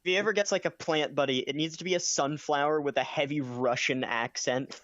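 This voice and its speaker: A man's voice: fairly high pitch, fairly even intonation, fairly quick, fairly bright tone, no room sound, dull audio. A man playing a tabletop game, blunt and swearing in casual banter. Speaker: player. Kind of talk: casual chat.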